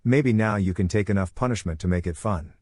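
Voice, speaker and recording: Fan-story mentor, older male ninja, lecherous and teasing, gruff and low, a man reading. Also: brisk, a little mellow, no room sound, clean studio sound, close to an everyday voice.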